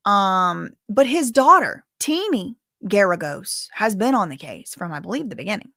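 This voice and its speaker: A woman's voice: mid-range voice, big pitch swings, moderate pace, bright, forceful tone, no echo, studio quality. A woman chatting casually on a live stream, updating viewers on a court hearing and reading their comments aloud with lots of filler words. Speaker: livestream commentator on a court case.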